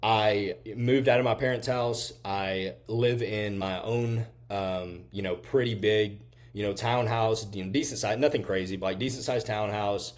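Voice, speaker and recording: A man's voice: on the low side, fairly even intonation, a little slow, few pauses. A man in his twenties, a physique coach, speaking casually and earnestly to camera, full of "you know" fillers and swearing, turning into fired-up motivational urging. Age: 20s.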